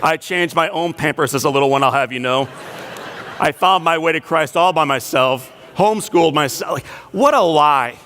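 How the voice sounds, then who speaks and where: A man delivering an inspirational speech to a large breakfast crowd in a banquet hall, telling a personal story with playful asides and hushed, emotional moments. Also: on the high side. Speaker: inspirational speaker.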